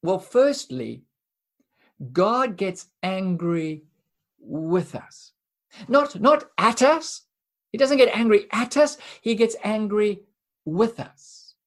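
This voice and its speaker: Woman preacher, sermon delivery, emphatic with pauses, slow pace. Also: medium pitch, lively intonation. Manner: earnest, emphatic, with dramatic pauses and repeated words.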